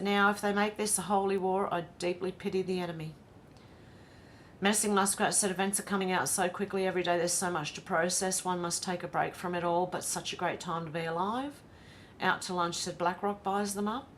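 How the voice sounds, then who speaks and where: An Australian woman hosts a casual livestream, reading chat comments aloud and saying hello to each viewer by name. Her voice is on the low side, with slight noise in the background.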